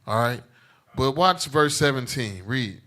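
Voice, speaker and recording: A man's voice: medium pitch, expressive, unhurried, sharp tone. A man teaching scripture in an emphatic preaching style, repeating points and checking in with "all right?" after nearly every line. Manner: emphatic, repetitive, calls for responses, tag questions. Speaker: teacher leading a scripture class. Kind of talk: preaching Bible class.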